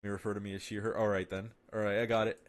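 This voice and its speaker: Male streamer, slightly low voice, casual rambling chat full of fillers, swearing and self-amused laughter. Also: little pitch movement, racing. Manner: rambling and profane, with many fillers and restarts; laughs often at his own jokes.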